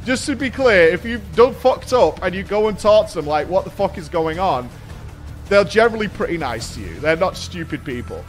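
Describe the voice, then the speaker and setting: A young British man, a streamer, casually telling a story to his chat, animated, swearing and laughing at himself. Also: high voice, brisk, hardly any pauses, soft background music.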